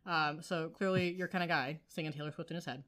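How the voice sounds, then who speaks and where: A woman's voice: low voice, fairly even intonation, fast talker, fairly bright tone. A woman co-hosting a podcast, recapping a TV episode in casual chat and arguing her points firmly. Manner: opinionated, argues and retells scenes. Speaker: podcast co-host.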